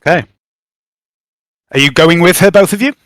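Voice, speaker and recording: Man game master, fairly high voice, bright tone, casual narration, dry close sound. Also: moderate pace, no room sound. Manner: casual, relaxed narration with fillers.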